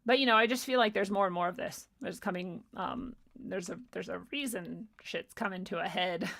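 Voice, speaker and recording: Young woman streamer answering chat, swears freely, laughs often, tells stories with gusto; gravelly edge in the voice. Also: mid-range voice, normal speed. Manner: profane, laughing, animated storytelling. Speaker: livestream host answering chat. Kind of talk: casual livestream chat.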